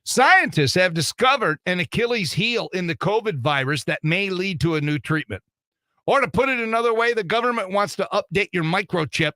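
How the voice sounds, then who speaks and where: A man's voice: sits high, lively intonation, fairly quick, bright, forceful tone, no room sound. An older man hosting a radio show from the studio, running through joke-filled news bits with a wisecracking delivery. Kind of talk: morning radio comedy chat.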